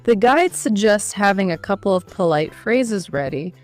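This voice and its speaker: A woman's voice: mid-range voice, expressive, moderate pace, soft background music. A woman co-hosting an educational podcast, walking listeners through study steps one by one in an upbeat chatty way. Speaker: podcast co-host. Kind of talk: scripted educational podcast chat.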